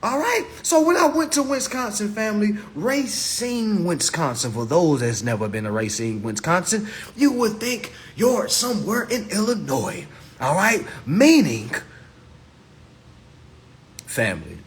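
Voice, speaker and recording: A man on a live phone stream giving an impassioned monologue, swinging from loud exclamations to low muttering and repeating "all right?" constantly. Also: sing-song, measured pace. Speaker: livestream host.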